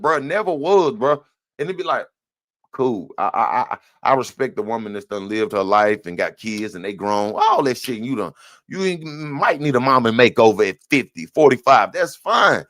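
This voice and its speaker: A man's voice: medium pitch, expressive, normal speed, fairly bright tone, no echo. A man, ranting heatedly and profanely as a live stream host. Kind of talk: casual ranting commentary.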